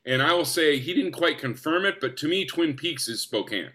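A young man from the United States, an actor guest, telling stories in an enthusiastic, animated way. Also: a little high, normal speed, crowd noise. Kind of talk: casual storytelling.

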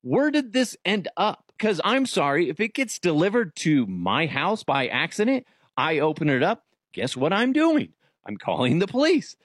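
Male comedy host, lively swooping delivery, crude humor, dry close sound. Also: a little high, moderate pace, dry recording. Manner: animated and profane, jumps into silly voices. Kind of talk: comedic news commentary.

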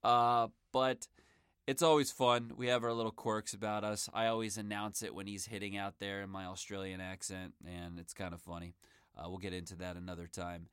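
A man's voice: on the low side, level tone, normal speed, a bit bright, clear, resonant tone, no room sound, studio quality. A man in his thirties hosting a solo sports podcast, talking in an enthusiastic, chatty way. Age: 30s.

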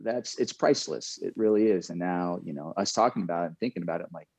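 A man's voice: deep voice, fast, gravelly, few pauses, darkish tone, slightly rough, dry recording. A man, a former ballplayer, reflecting in a casual interview and telling stories with frequent laughs and restarts. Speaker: guest, former pro baseball player.

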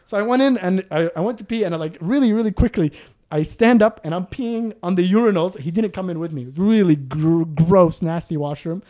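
A man in casual podcast chat, telling a travel story with lots of acted-out moments and laughter. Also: fairly quick. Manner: animated, acts out scenes with rising pitch, laughs often.

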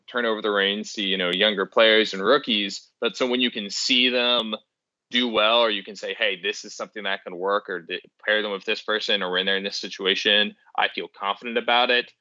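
A man's voice: on the low side, bright, forceful tone, no room sound, lo-fi sound. A man co-hosting a hockey podcast in casual chat, rambling with many fillers and restarts. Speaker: podcast co-host.

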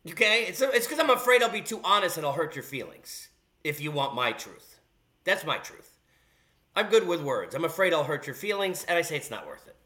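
A man's voice: on the high side, very animated, brisk, bright, forceful tone. A man hosting a sports podcast, ranting bluntly and sarcastically. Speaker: podcast host. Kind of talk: opinionated sports rant.

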